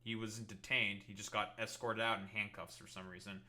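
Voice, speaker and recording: Male commentator, sarcastic and profane, piercing bright tone. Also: fairly low pitch, little pitch movement, brisk. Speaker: political commentator. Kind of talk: ranting reaction commentary.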